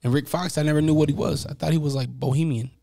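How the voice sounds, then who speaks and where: A man's voice: on the high side, fairly even intonation, quick pace, vocal fry, dark tone, no room sound, studio quality. A man chatting casually as a podcast guest, joking and now and then beatboxing along. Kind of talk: casual chat.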